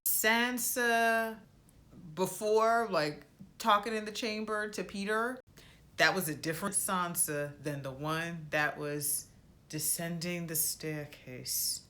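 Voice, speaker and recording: A woman vlogger giving a casual, animated recap of a TV episode, full of slang and swearing, who acts out the characters' lines. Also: fairly low pitch, slow pace. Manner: animated retelling with slang and profanity. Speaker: reaction vlogger.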